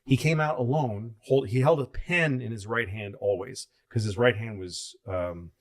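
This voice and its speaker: A man's voice: mid-range voice, normal speed. A comedian in his fifties, telling rambling, profane stories in casual chat.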